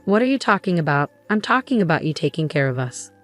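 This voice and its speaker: A demanding husband who blames and brushes off others, read by a woman in her usual voice. The tone is low for a woman and stays dismissive. Soft music plays faintly underneath. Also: very animated, quick pace. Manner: accusing, dismissive. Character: resentful demanding young-adult husband.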